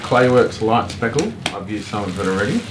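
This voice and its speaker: A man's voice: fairly low pitch, expressive, brisk. A man co-hosting a casual live stream, chatting and explaining crafts with restarts and laughs. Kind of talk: casual chat. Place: home room. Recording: roomy, far from the mic, noisy.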